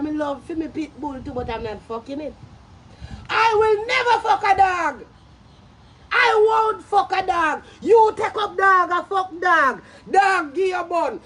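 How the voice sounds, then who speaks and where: Loud, very high-pitched Jamaican woman ranting. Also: slight background noise. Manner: loud, brash, profane, shouting bursts and cackling laughter. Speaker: social media commentator. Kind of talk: ranting commentary.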